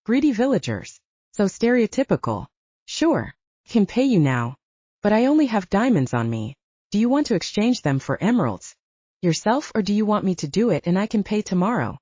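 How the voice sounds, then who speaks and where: A woman's voice: mid-range voice, big pitch swings, moderate pace, mellow, no room sound, dull audio. A woman voicing a wry, shrewd young male hero in a storybook reading.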